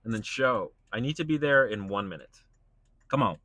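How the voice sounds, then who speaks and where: Bright-voiced young man ranting in a car. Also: fairly low pitch, normal speed, dry recording. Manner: animated, incredulous, mimics voices. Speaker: stand-up comedian vlogging. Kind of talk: casual rant while driving.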